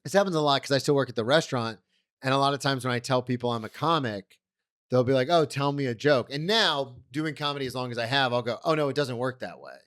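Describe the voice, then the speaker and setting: Man hosting a podcast, quick to laugh. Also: mid-range voice, fairly bright tone, dry recording, studio quality. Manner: laughs easily, chimes in with quick jokes. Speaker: podcast host, comedian. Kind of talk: casual conversation.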